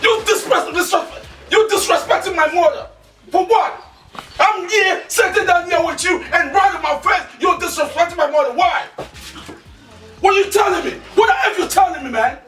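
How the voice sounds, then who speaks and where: A man's voice: medium pitch, expressive, normal speed, sharp tone. A man playing a husband who defends his mother in a blustering way. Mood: angry. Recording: far-off echoey room with music.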